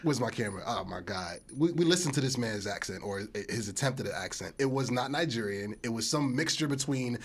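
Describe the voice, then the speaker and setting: A man hosting a casual podcast chat, joking, teasing his guest and giving shout-outs. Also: mid-range voice, expressive, a little fast, hardly any pauses. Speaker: podcast host.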